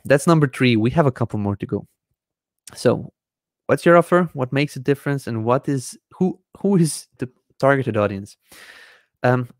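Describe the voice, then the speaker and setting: A man teaching marketing on a live stream, getting excitable, laughing often and restarting his sentences with many fillers. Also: mid-range voice, dry recording, clean studio sound.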